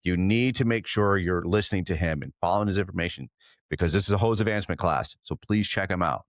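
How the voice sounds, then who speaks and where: Deep-voiced easygoing podcast host. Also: male voice, quick pace, dry recording, studio quality. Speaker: podcast host and fire instructor. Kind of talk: casual podcast chat.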